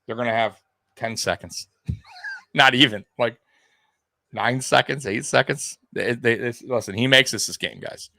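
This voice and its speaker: A young man hosting a live sports stream, talking straight to his viewers in an animated, repetitive way with plenty of swearing. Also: mid-range voice, measured pace, vocal fry, no room sound. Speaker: sports livestream host. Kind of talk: live postgame commentary to viewers.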